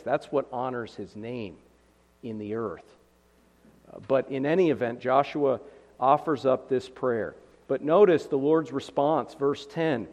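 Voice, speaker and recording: An earnest man preaching through a passage verse by verse, pressing his points with emphasis. His voice sits at an ordinary middle pitch. A long reverb trails behind him, as if he were speaking in a large sanctuary. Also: darkish tone. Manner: earnest, emphatic, reads scripture aloud with rising intensity. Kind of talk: expository sermon.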